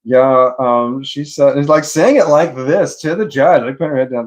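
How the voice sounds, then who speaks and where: A man's voice: medium pitch, normal speed, hardly any pauses. A middle-aged man casually telling a long personal story, rambling, swearing freely and laughing often. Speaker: vlogger.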